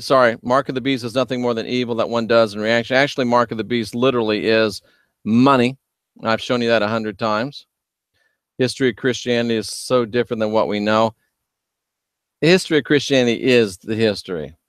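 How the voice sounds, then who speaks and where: Loud, emphatic man with a clear voice. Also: medium pitch, steady tone, brisk, no room sound, studio quality. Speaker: host. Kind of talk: livestream talk reading viewer chat.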